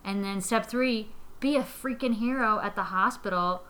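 A woman co-hosting a comedy podcast, sarcastic in improvised chat, slipping into quick mock voices. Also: mid-range voice, pushed and bright.

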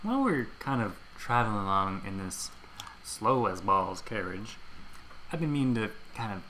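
A man's voice: fairly low pitch, very animated, normal speed, bright, forceful tone, a little hiss or hum. A man playing an eager, clumsy superhero older brother, rambling and hesitant with plenty of fillers in an improvised comedy audio play.

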